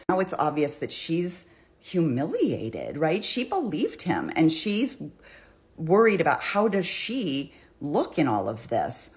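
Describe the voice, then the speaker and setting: Low-voiced woman discussing true crime. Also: wildly swooping pitch, slow pace. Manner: chatty, restarts often, reads out quotes with feeling. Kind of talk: casual true crime commentary.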